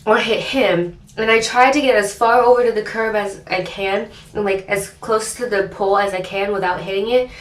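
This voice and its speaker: A woman's voice: medium pitch, normal speed, few pauses. Young woman chatting thru a storytime, lots of likes, echoey room, mic kinda far off. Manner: chatty, animated, many fillers. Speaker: vlogger. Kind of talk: storytime chat. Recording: roomy echo, distant mic.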